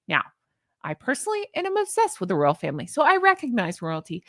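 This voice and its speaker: A woman's voice: a little high, huge pitch swings, a little fast, fairly bright tone, no room sound, clean studio sound. A woman hosting a casual commentary vlog, sarcastic and exasperated as she rants. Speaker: YouTube commentary host.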